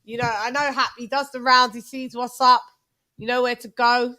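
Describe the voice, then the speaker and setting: A woman from England hosts a casual live-stream chat. Her London accent drifts into American and Jamaican twang as she talks. Her voice sits a little high, and she is chatty and quick to laugh. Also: little pitch movement, pushed and bright. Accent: London English mixed with American and Jamaican twang. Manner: chatty, laughs often, code-switching slang. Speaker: host.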